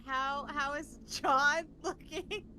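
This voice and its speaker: Female player, high and very lively voice, unhurried, giggles and teases, faint room hum. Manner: giggly, teasing, acts out quotes. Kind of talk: playing a live tabletop game.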